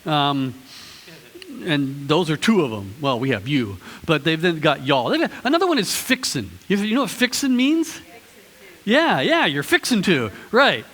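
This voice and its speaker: A man's voice: fairly high pitch, sing-song, moderate pace, fairly bright tone. A man preaching a sermon to his congregation, conversational and chatty with playful asides. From Ohio, US. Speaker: pastor. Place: church sanctuary. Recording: long church reverb.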